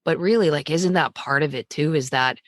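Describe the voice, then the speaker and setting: A woman with a very low voice thinks aloud in a calm, measured way. She co-hosts a podcast and laughs easily. The sound is dry and close. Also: dry recording. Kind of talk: casual chat.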